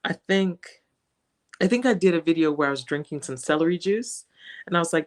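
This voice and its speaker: A woman from West Africa talking as a guest in a casual interview, animated and laughing often. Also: low voice, brisk. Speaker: guest, social media creator.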